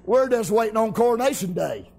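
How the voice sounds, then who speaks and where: A man preaching a revival sermon, hollering amens and shouting with exuberant celebration. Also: high voice, expressive, fairly quick, creaky.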